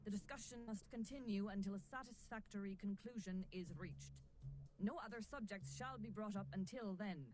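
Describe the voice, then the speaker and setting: A woman's voice: mid-range voice, normal speed, lightly acted, rough recording. An actress playing a stern female custodian of an assembly in a game, speaking formally and firmly. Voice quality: firm, formal and commanding. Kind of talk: game voice acting. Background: music.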